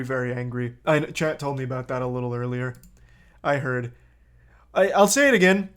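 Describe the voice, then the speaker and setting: A man streaming live, reacting to a video with blunt, heated commentary and a lot of swearing. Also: a little high.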